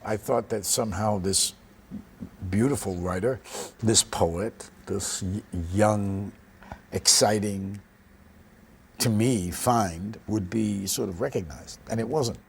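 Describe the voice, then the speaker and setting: A man's voice: lowish voice, slow pace, gravelly, a little hiss or hum. A man interviewed about his film, talking in a hesitant, reflective way. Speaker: filmmaker interviewee. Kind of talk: archive interview.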